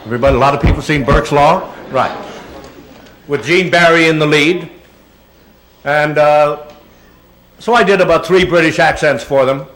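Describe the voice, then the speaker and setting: Older man, guest speaker, anecdotal talk, animated storyteller, light background noise. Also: on the high side, moderate pace, pauses often, rough recording. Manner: animated storyteller, slipping into voices. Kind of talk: anecdotal speech to an audience. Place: auditorium presentation.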